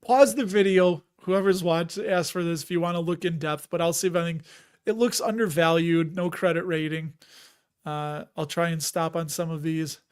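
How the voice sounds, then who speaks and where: A man in his fifties with a fairly high voice hosts a casual investing livestream. He chats loosely with viewers, cracking jokes and laughing often as he wanders between asides. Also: fairly even intonation, moderate pace, smooth. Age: 50s. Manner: chatty, jokey, laughs often, rambling asides. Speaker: host of a dividend investing livestream. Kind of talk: casual livestream chat reading viewer comments.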